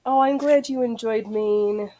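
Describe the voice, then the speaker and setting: A woman's voice: fairly high pitch, fairly even intonation, warm tone. Chatty, playful woman host. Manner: chatty, playful, quick to laugh. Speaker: podcast host. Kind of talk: casual chat while sewing.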